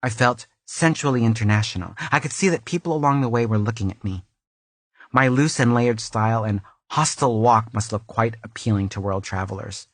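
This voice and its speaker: Fussy, vain woman author, played by a man, reading her own purple prose; deadpan and low, constantly restarting lines. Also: brisk, no echo. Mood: dreamy. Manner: fussy, florid, keeps restarting and correcting lines. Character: vain, self-absorbed woman author, middle-aged. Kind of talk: deadpan comic audiobook reading. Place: recording booth.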